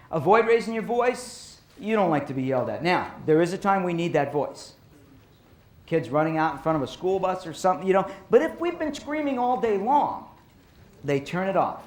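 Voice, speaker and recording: A middle-aged man giving a professional development talk to educators, telling lively stories and acting out teachers and kids. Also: sits high, fairly quick. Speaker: speaker on child behavior for educators. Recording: roomy echo.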